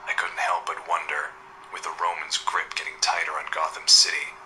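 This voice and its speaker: A man as a hushed, very deep masked vigilante. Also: little pitch movement, brisk, a little hiss or hum, exaggerated voice, low-quality recording. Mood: grim. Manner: low, hushed, terse narration. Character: brooding male masked vigilante narrator.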